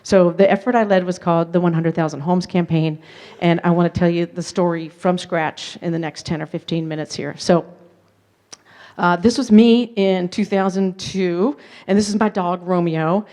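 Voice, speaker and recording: A woman's voice: lowish voice, fairly even intonation, moderate pace, warm tone. A woman giving a conference keynote, telling her story candidly with self-deprecating asides. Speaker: keynote speaker. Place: conference hall.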